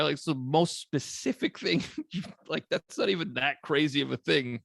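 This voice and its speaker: A man's voice: fairly high pitch, moderate pace, vocal fry, fairly bright tone, no room sound, clean studio sound. A young man co-hosting a podcast, talking about a movie in laid-back, joking chat, laughing often and swearing freely. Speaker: podcast co-host.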